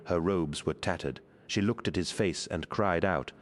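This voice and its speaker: A man narrating an audiobook in a steady, measured way. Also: sits low.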